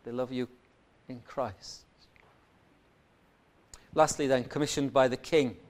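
A man preaching a sermon, asking rhetorical questions and swinging between loud emphatic lines and quiet, reflective ones. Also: medium pitch, fairly even intonation, slow pace, long pauses.

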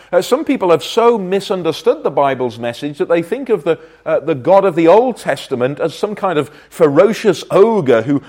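A man preaching a sermon from Wales, earnest and emphatic, his loudness swelling and dropping as he makes his points. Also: a little high.

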